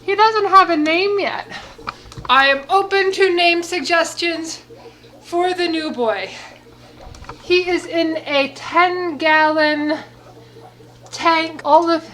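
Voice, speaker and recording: Breathless high-voiced woman vlogging slowly. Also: bright, forceful tone, a little hiss or hum, poor audio. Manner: chatty, talks baby talk to her pets. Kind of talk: casual home vlog. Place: home, indoors.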